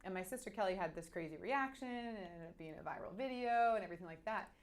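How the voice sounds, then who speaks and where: A woman, candidly telling a personal story in a halting, animated way full of restarts. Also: medium pitch. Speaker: guest.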